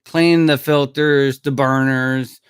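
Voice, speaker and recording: A man's voice: mid-range voice, steady tone, slow, smooth, dry recording, studio quality. A man chatting casually on a live stream with viewers, laid-back and rambling, chuckling often and swearing now and then. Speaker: maintenance worker streaming live. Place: Jacksonville.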